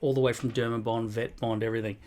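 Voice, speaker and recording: A man's voice: mid-range voice, level tone, fast talker, a little mellow. A man, casually reading and answering viewer comments in a blunt, mock-boastful way, swearing often. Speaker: vlogger replying to comments. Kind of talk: casual comment-reply monologue.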